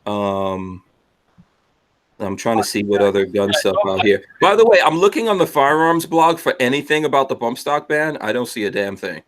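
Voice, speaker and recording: Podcast host, male, mid-pitched, rambling casual delivery with filler words. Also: moderate pace. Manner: rambling, teasing, many fillers.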